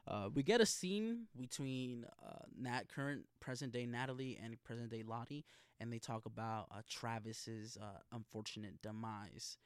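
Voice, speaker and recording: A young man talks casually into a close microphone in a dead, dry room. He runs through his notes on an episode in a slangy, profane way. His voice stays at an ordinary, mid-level pitch for a man. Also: moderate pace, smooth, no echo. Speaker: TV episode reaction host. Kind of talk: casual recap reading from notes.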